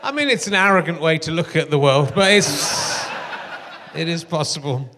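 A man's voice: on the high side, lively intonation, normal speed, noisy background. A man hosting a live comedy podcast on a theatre stage, rambling and self-deprecating, laughing often. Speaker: podcast host.

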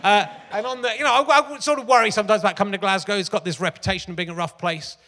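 A man's voice: high voice, steady tone, very fast, bright, forceful tone. A man hosting a live comedy talk show on a theatre stage, rambling and self-mocking with plenty of fillers and restarts. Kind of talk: stand-up style chat on stage. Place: large theatre stage before a live audience. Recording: long theatre reverb.

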